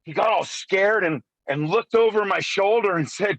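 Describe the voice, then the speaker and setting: High-voiced man telling a rowdy story. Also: no room sound, low-quality recording. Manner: profane, fast, animated storytelling. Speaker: guest arm wrestler. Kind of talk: casual storytelling on a call. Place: in a moving car. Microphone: phone call.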